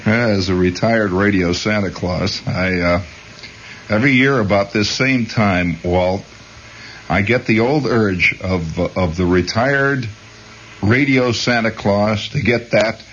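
A man's voice: lowish voice, slow, a bit bright, dull audio, slight background noise. A man rambling hesitantly as host of a late-night radio monologue. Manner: meandering, hesitant, chuckling.

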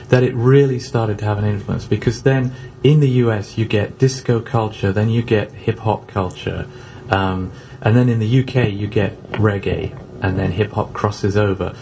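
A man's voice: on the low side, fairly even intonation, moderate pace, dark tone, a little hiss or hum. Thoughtful man in an office interview. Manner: thoughtful, academic. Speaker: university slang researcher. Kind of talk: interview explanation. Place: university office.

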